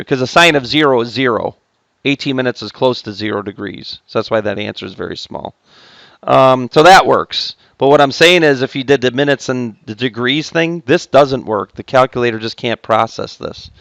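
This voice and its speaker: A high school math teacher leads a recorded classroom lesson, chatting and joking with his students between steps. His mid-range voice is gravelly with a fairly bright tone, and there's no room sound.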